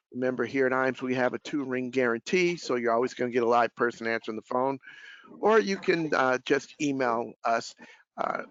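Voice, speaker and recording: A man hosting a business webinar as a life sales director, talking in a casual, relaxed way with fillers. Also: medium pitch, vocal fry, dry recording. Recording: dull lo-fi call audio.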